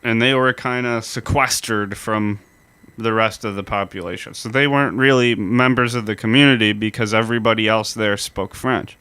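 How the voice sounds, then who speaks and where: A man co-hosting a casual history podcast, laying out events step by step like a storyteller. His voice is bright and crisp, with a dry, close sound. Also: fairly low pitch, fairly even intonation, moderate pace, no echo. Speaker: podcast co-host.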